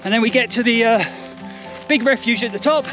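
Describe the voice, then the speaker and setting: A man's voice: very high voice, brisk, music in the background. A man recording an upbeat, chatty vlog outdoors on mountain trails as he runs a race. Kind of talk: on-the-run vlog commentary.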